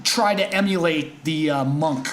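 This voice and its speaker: A man's voice: on the high side, measured pace, fairly bright tone, slight background noise. Hesitant male podcast host, echoey room. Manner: loose, hesitant, joking. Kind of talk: casual chat.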